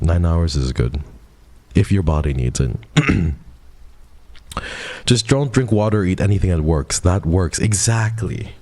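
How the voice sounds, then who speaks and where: A man's voice: extremely low pitch, darkish tone, dry recording. A man in his twenties, a streamer casually chatting with his viewers and playfully teasing them with mock outrage. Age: 20s.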